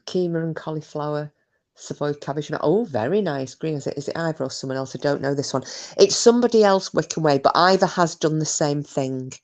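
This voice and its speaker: Blunt, sweary low-voiced woman. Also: a little fast, darkish tone. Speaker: livestream host. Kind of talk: casual chat reading out live comments.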